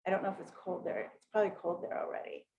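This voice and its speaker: A woman's voice: medium pitch, sing-song, rapid-fire, gravelly, a little mellow, dull audio. A middle-aged woman from the United States hosts a casual live session as a business coach, rambling with lots of fillers and self-corrections and greeting viewers by name. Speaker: network marketing coach hosting a live session. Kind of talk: casual livestream talk to viewers.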